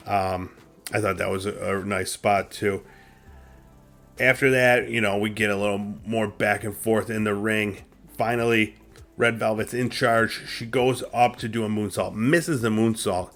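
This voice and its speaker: A man's voice: lowish voice, fairly bright tone. A man hosting a casual recap, chatty and opinionated, with lots of fillers. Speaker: wrestling show reviewer and host.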